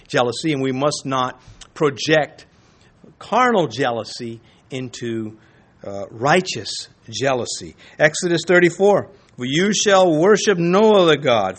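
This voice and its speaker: A man's voice: mid-range voice, breathy edge. A man teaching a Bible lesson in a conversational sermon style, with folksy asides and frequent restarts.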